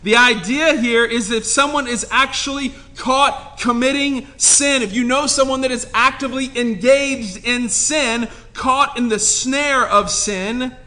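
A man's voice: extremely high pitch, a little slow, hardly any pauses, pushed and bright. A young man preaching a sermon in a passionate, conversational way, joking with the room and repeating points for emphasis. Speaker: pastor.

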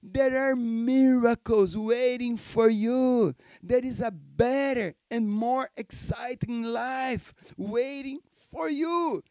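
A man's voice: extremely high pitch, a little mellow, no room sound. A male pastor with Portuguese as his first language, preaching an emphatic sermon in English, repeating key phrases and calling for amens. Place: church.

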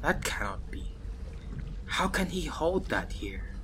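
A mournful ghostly dwarf spirit, high-pitched and swooping, voiced by a man running a tabletop game. He wails his lines with theatrical despair. Audible background noise sits under the call audio. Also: sing-song, slow pace. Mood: disbelieving. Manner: wailing, theatrical exclamations.

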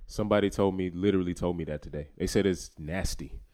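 A man's voice: low-pitched, fast talker, warm tone. A man in a casual chat, curious and slangy, asking plenty of questions.

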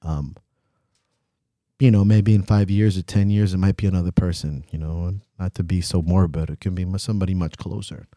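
A man's voice: deep voice, steady tone, fairly quick, dark tone, dry recording, clean studio sound. A young man co-hosting a podcast, talking bluntly and emotionally, swearing freely. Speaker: podcast co-host. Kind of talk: candid podcast chat.

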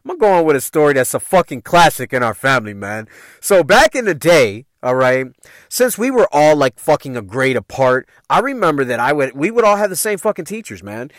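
A man's voice: fairly high pitch, very animated, brisk, no room sound, studio quality. A man hosting a podcast, telling family stories in loose, profane street slang. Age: adult parent. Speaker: podcast host. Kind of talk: casual storytelling.

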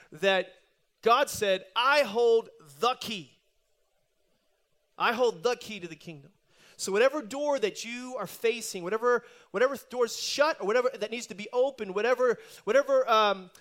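High-voiced male pastor, lively joking sermon delivery, frequent restarts. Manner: animated storyteller with frequent repeated restarts. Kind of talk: sermon with a humorous story.

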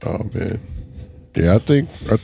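A man's voice: low-pitched, animated, measured pace, gravelly, mellow. A man co-hosting a podcast, amused and laid-back in casual chat. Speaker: podcast co-host. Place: parked car in the rain.

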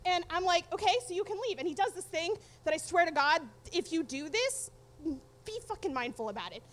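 A woman's voice: very high voice, expressive, moderate pace, a bit bright. A young adult woman telling a personal story to an audience, candid, profane and wry.

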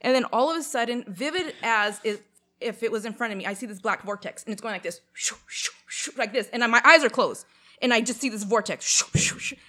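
Her voice fairly high, this young Canadian woman talks fast as she shares a lengthy personal story casually. The telling is energetic, full of fillers and acted-out dialogue.

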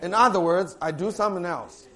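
A man preaches with a high, lively voice. He breaks into loud bursts when he quotes, and he laughs often as he talks. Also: a little fast. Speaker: pastor. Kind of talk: sermon.

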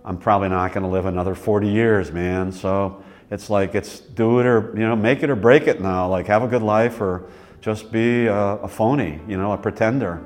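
A man in his sixties, interviewed, telling his life story in a rambling, relaxed way with many fillers. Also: on the low side, normal speed. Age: 60s. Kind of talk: reflective personal storytelling.

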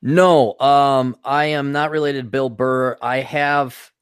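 Casting note: middle-aged man, Upper Midwest accent, wisecracking podcast host who rambles, mid-pitched, dry room. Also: steady tone, slow, smooth, dry recording. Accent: Upper Midwest American. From Milwaukee, US. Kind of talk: casual podcast chat.

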